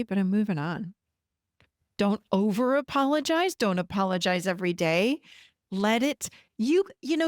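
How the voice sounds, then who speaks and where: A woman's voice: medium pitch, dry recording. Woman podcast host, middle-aged, direct and encouraging, conversational teaching, dry close-miked sound. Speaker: podcast host and codependency coach. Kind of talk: solo podcast teaching monologue.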